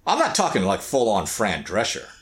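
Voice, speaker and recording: Deep-voiced man, lively, stumbling restarts. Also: normal speed. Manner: repeats words and restarts phrases while thinking. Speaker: podcast co-host. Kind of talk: casual chat.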